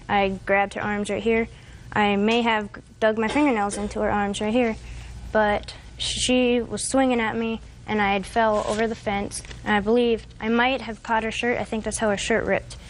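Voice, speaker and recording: A woman in her twenties testifies as a defendant in a courtroom. She recounts events at length in a halting way, with faint noise in the background. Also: mid-range voice. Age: 20s. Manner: halting, long retelling with fillers and restarts.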